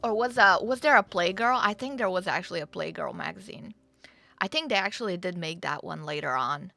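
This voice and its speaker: A woman's voice: on the low side, animated, a little fast, creaky, bright, forceful tone, faint music behind. A woman chatting casually on her livestream, joking and teasing herself as she plays. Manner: chatty, jokey, self-deprecating. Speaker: streamer.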